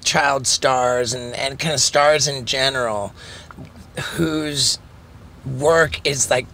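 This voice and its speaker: Male co-host, slow and deliberate, bright and edgy tone, faint hiss behind him. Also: mid-range voice, fairly even intonation. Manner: slow and searching, with many restarts. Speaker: podcast co-host. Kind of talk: casual chat.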